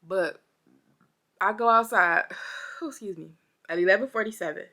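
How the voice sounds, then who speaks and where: A young woman telling a storytime vlog to her viewers, chatty and animated, a little parched and under the weather. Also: medium pitch, moderate pace. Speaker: vlogger.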